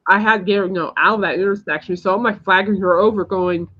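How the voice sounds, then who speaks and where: A woman's voice: medium pitch, fairly even intonation, fast talker, a bit bright. A woman hosting a podcast, telling a personal story in a rambling, emphatic casual chat. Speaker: podcast host. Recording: dull lo-fi sound.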